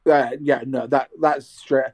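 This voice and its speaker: A man's voice: medium pitch, steady tone, a little slow, darkish tone, muffled recording. A young man chatting casually over a video call from his half-decorated bedroom, rambling with restarts about training as a radio presenter. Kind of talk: casual chat. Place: home bedroom being decorated.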